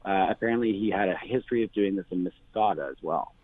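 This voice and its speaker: A bar owner talking casually on the phone, full of fillers and restarts. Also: male voice, sits low, fast, no echo. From Canada. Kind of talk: phone interview. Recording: tinny phone line.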